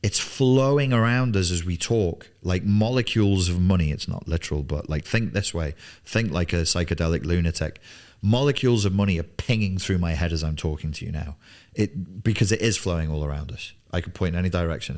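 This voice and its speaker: A man's voice: sits low, brisk, darkish tone. A man in his forties coaching on business in a blunt, emphatic studio monologue, swearing freely and repeating words for emphasis. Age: 40s. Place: television studio.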